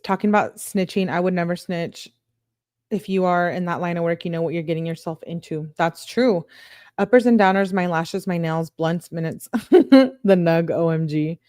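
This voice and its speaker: A woman's voice: lowish voice, normal speed, dark tone, dry recording, studio quality. Chatty woman reading texts aloud. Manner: casual, chatty asides while reading. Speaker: true crime commentator. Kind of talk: reading text messages aloud with commentary.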